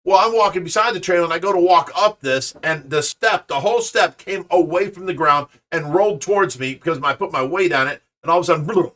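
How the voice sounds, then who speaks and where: A man hosting a show, telling a story in casual chat, animated and restarting his sentences often. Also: high-pitched, quick pace, few pauses. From Ohio, USA. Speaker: show host. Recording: voice a bit far from the mic.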